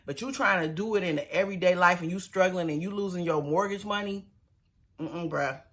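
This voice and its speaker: A woman's voice: fairly low pitch, a little fast, a bit bright. Sassy woman recapping a reality show. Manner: sassy, chatty, with slangy asides to viewers. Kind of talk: casual TV episode recap.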